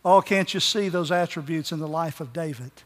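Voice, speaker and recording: A man preaching a sermon with passion, repeating phrases for emphasis and swinging between loud calls and soft words. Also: fairly high pitch, a little fast. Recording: long reverb of a large hall.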